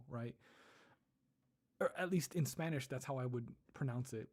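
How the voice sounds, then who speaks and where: A man's voice: mid-range voice, expressive, moderate pace, mellow, slightly rough. A man casually chatting on a livestream, reading chat, laughing often and repeating words as he tries out pronunciations. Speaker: streamer reading live chat.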